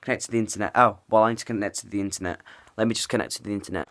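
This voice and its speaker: Hosting a casual vlog, a man races through his predictions, rambling and restarting, and slips into mock fright for a spoof skit. His voice is lowish, fairly bright, and steady in tone.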